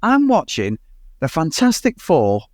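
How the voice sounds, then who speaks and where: A man co-hosting a casual film review chat, telling sweary, animated anecdotes. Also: a little high, measured pace, no room sound, clean studio sound. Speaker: podcast co-host.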